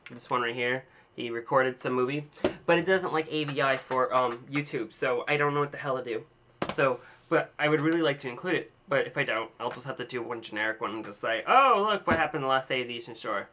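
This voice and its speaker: A man's voice: medium pitch, brisk, bright, forceful tone, slight background noise. A young man rambling in a casual video diary, telling an exaggerated, dramatic story with playful self-mockery. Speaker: vlogger.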